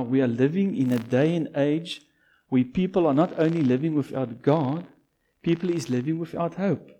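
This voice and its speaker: A man preaching a sermon, reading scripture and then expounding it with slow, emphatic repetition. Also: medium pitch, dark tone.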